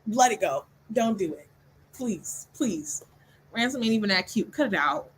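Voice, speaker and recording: A woman's voice: medium pitch, animated, measured pace, a little hiss or hum, rough recording. A young woman hosting a book club livestream, chatting casually and animatedly, laughing often and acting out scenes in voices. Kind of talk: casual chat.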